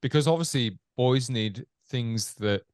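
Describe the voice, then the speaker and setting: A man's voice: medium pitch, measured pace, darkish tone, smooth, no echo, studio quality. A man hosting an interview, thoughtfully framing questions to his guest. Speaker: podcast co-host.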